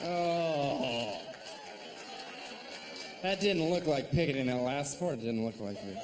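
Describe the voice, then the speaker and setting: A man doing a sardonic, mocking stand-up comedy set on stage, slipping into shrill put-on voices. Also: lively intonation, takes it slowly, long pauses, a crowd in the background. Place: comedy stage before a live audience. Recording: live stage recording with audience noise.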